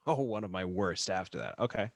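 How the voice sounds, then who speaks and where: A man guesting on a casual podcast, hesitant and soft-spoken, laughing often. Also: deep voice, a little fast, no echo, studio quality. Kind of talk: casual chat.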